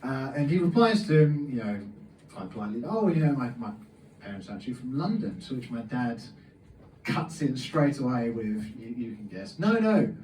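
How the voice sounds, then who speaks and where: A man's voice: mid-range voice, normal speed, slight background noise. A young man performing a stand-up comedy set in a packed comedy club, acting out his dad's lines in his anecdotes. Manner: animated storytelling, plays out his dad's lines. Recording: roomy club sound from a distant camera. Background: faint audience laughter.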